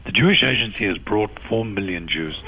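A man with a South African accent speaks as a guest on a radio broadcast. His voice sits a little low but has a bright, forceful edge. He explains patiently and walks through his points in order. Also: animated, a little hiss or hum, low-quality recording. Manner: measured, explanatory, enumerating points. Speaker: guest, agency official. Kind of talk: radio interview answer.

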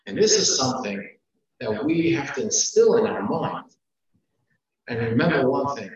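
A man's voice: mid-range voice, lively intonation, moderate pace. A man teaching a class, counting off numbered points and repeating key phrases for emphasis. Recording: echoey room, far from mic, dull sound.

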